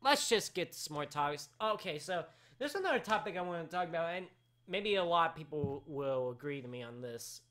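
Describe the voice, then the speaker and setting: A man hosting a casual live talk show, excitable and rambling, with his voice cracking and breaking into sudden shouts. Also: fairly high pitch, fairly quick.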